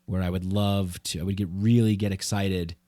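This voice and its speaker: A man's voice: low-pitched, flat delivery, normal speed, dark tone, no echo. A man hosting a podcast, talking in a loose, rambling way full of "like" and "you know". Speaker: podcast host. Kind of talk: casual conversation.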